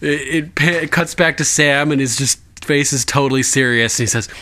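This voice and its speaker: A man hosting a casual recap chat, animated and laughing, swearing freely. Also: mid-range voice, fairly quick. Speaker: podcast host.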